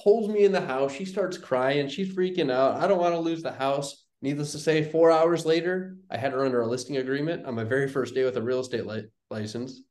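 Young man, animated storyteller, mid-pitched voice, echoey room. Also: a little fast, hardly any pauses. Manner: animated storyteller, acts out quoted dialogue. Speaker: guest, real estate investor. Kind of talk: casual storytelling in an interview. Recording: roomy echoey sound.

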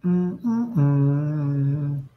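A man's voice: on the high side, animated, extremely slow, narrow, tinny audio, noisy background. A man in his forties hosting a casual reaction stream, talking in a blunt, sarcastic, profane way. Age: 40s. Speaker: streamer host reacting to videos. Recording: echoey room.

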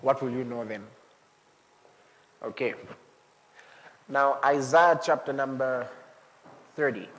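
A man preaching a sermon as pastor, animated, swinging up to shouts and laughing with the congregation. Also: medium pitch, slow, long pauses. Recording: long hall reverb.

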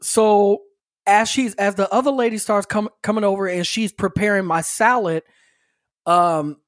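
A man co-hosting a podcast, telling a story in an animated, slangy, casual way. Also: sits high, moderate pace, no echo, studio quality. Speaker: podcast co-host. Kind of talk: casual chat.

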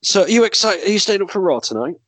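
A man's voice: high-pitched, animated, fast, fairly bright tone, no room sound. A man with a Yorkshire accent chatting on a podcast, rambling and swearing freely as he tells stories. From Yorkshire, England. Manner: rambling, swearing, laughing storyteller. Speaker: podcast guest and movie podcast host. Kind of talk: casual podcast chat.

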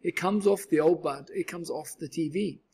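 Man reading a kids book as the little cats, eager and bossy, a bit husky and high. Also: normal speed, darkish tone. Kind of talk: storybook read-aloud.

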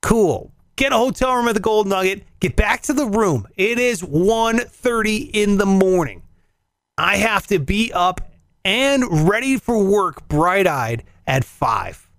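A man hosting a show, telling a story in casual, profane, animated chat and acting out the voices in it. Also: sits high, unhurried, no room sound. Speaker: radio show host. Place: in Las Vegas.

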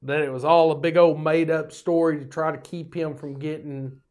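Folksy older man, a bit high. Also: steady tone, normal speed, a little mellow. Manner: folksy, profane, joking asides. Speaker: podcast host. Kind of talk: rambling storytelling monologue.

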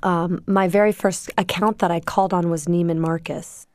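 A middle-aged woman telling her founder story in an interview, lively and anecdotal. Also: lowish voice, normal speed, dry recording. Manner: lively anecdotal storytelling, quotes herself and others. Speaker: guest, company founder.

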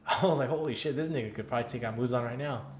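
Fast talking dude on a podcast, swears and laughs a lot, little hiss in the background. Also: male voice, mid-range voice. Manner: quick, laughing, profane banter. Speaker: podcast co-host. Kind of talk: casual chat.

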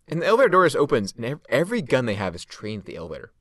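A man's voice: medium pitch, huge pitch swings, very fast, no echo, clean studio sound. A man co-hosting a casual chat show, retelling TV scenes and acting out characters in funny voices. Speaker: podcast co-host. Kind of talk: casual chat reviewing a TV episode.

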